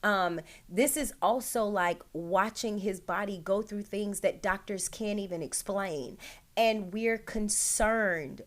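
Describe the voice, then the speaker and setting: A woman hosting her own show, telling an emotional personal story straight to her listeners with many "like" and "right?". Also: medium pitch.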